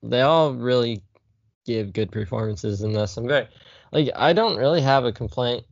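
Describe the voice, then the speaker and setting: A man's voice: medium pitch, moderate pace, gravelly, no room sound, lo-fi sound. A man co-hosting a casual movie podcast, joking and swearing as he rambles about the cast. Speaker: podcast co-host.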